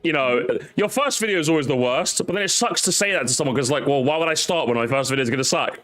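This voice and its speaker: Male streamer, 30s, higher-pitched and very animated, loose banter with swearing. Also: quick pace, faint music behind. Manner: banter, swearing, loud teasing bursts. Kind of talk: casual live-stream chat.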